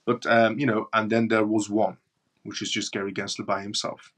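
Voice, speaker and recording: A man's voice: fairly low pitch, flat delivery, moderate pace, fairly bright tone. A man with a British accent hosting a live stream, reading news and viewer comments aloud in a blunt, mocking way. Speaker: crypto livestream host.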